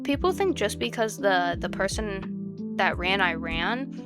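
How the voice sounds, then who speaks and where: A young woman reacting to posts in casual commentary, rambling and exasperated, sliding from low mutters to loud outbursts. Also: sing-song, measured pace. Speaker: video creator reacting to posts. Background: guitar music.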